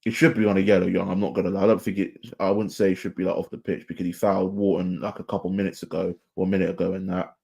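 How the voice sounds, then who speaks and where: Young man, low and mellow, fan commentary for a live watchalong, excitable and slangy. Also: rapid-fire, gravelly, hardly any pauses, slightly rough. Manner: excitable, shouts at players, casual slang.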